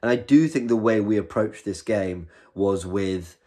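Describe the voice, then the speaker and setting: A man with a slightly low voice talks through a football match in a relaxed, candid way. He often restarts his sentences mid-thought and gets excited when he praises a save. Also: measured pace. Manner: chatty, candid, with frequent restarts. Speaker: football fan channel host. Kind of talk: casual post-match review to camera.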